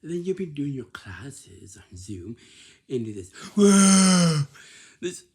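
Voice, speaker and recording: A man with a slow, husky, fairly low voice delivers a casual advice monologue. He repeats himself and scolds gently, tossing in "right?" to check that listeners follow. His tone is soft and mellow. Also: sing-song. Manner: repetitive, scolding, lots of "right?". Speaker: vlogger giving workplace advice.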